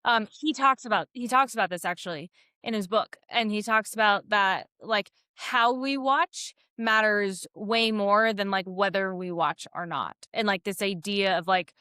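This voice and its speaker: A woman co-hosts a casual podcast, thoughtful and measured, often restarting her sentences. Her voice is bright and crisp. It is recorded dry and close. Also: medium pitch, dry recording. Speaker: podcast co-host. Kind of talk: casual conversational chat.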